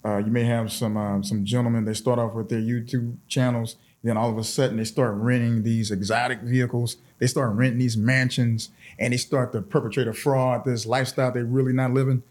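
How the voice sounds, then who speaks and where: A man's voice: mid-range voice, little pitch movement, brisk, few pauses, darkish tone. A middle-aged man who is a guest on a podcast, speaking earnestly and encouragingly and repeating his key words for emphasis. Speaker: podcast guest, fraternity chapter president. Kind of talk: casual interview chat.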